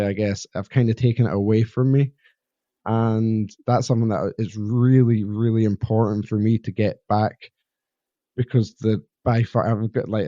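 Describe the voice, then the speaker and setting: A man's voice: lowish voice, dark tone, no echo, muffled recording. A man with a Scottish Borders accent hosting a solo podcast, talking candidly and rambling in a self-deprecating way into a podcast mic. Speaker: podcast host. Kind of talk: solo reflective podcast monologue. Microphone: podcast microphone.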